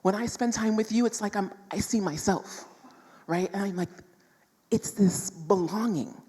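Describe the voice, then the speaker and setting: A woman from New York City telling a personal story to an audience in a stage talk, animated and emphatic, laughing often. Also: medium pitch, moderate pace, big-room sound.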